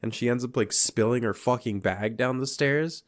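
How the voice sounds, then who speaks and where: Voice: mid-range voice, moderate pace. A podcast co-host casually recapping a horror film, swearing often and acting out the characters' lines. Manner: lively, profane, acts out characters' lines. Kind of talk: casual movie recap chat.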